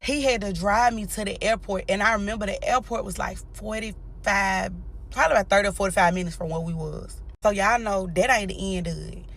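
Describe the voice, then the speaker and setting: A woman's voice: mid-range voice, fairly quick, gravelly, fairly bright tone. Blunt profane woman storyteller. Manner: blunt, profane, talks straight to viewers. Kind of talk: casual storytime vlog.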